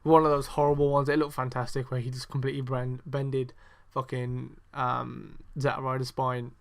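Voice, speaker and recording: Vocal fry marks this young host's mid-range voice, which moves little in pitch at a normal speed. He chats casually about wrestling on his podcast, rambling and sarcastic, exasperated, with lots of swearing and ums.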